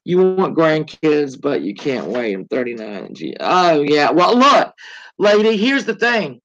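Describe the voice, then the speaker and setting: A woman in her forties chatting on her own livestream, bright-toned and forceful. She jokes, rambles and swears freely. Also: deep voice, sing-song, measured pace, muffled recording. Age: 40s. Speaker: livestream host. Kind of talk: casual chat.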